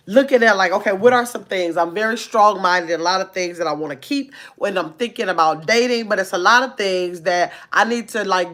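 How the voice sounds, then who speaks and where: A woman hosting a casual livestream, reading viewer comments aloud and chatting quickly and playfully. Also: mid-range voice. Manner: talks fast, says so herself; lively, chatty, laughs easily. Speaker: livestream host.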